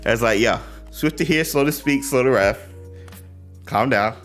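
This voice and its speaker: A man's voice: medium pitch, unhurried, a bit bright, soft background music. A young man hosting a casual livestream, greeting chat viewers and pleading with exasperated sighs and laughs. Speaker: livestream host. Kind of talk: casual live-stream chat.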